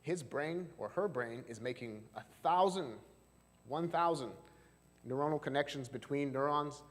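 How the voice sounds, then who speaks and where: A man's voice: fairly high pitch, normal speed. Man teaching in a reverberant hall. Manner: chatty, asks the audience questions, frequent fillers. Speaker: marriage and family therapist. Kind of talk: seminar talk to a live audience. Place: church hall.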